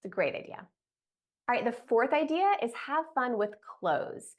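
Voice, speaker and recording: A woman's voice: fairly high pitch, lively intonation, moderate pace. A woman and mother coaching parents on toddler sleep, talking casually to camera with lots of "like" fillers. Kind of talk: direct-to-camera parenting tips.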